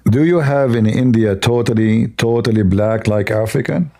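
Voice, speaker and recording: Man, livestream host, broken English, rambling, sarcastic, mid pitch. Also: moderate pace, warm tone. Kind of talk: casual livestream talk.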